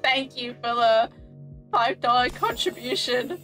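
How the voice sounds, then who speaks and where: A woman's voice: fairly high pitch, animated, a little slow, bright, forceful tone, faint music behind. A woman streamer chatting casually with her viewers while she plays, often giggling and flustered. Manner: giggly, flustered, talks to chat. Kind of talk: casual live-stream chat while gaming.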